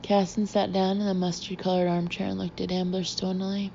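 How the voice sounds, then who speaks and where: A woman narrating a novel as an audiobook reader, in a measured, even reading. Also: mid-range voice, creaky, muffled recording, a little hiss or hum. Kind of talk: scripted narration.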